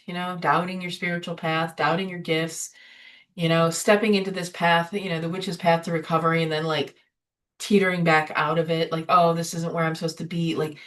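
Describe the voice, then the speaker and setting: A woman hosting a spiritual recovery webinar in a casual, conversational way, often asking "right?" and adding "you know" as she talks. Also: on the low side. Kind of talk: informal spiritual webinar talk. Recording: voice somewhat distant from the mic.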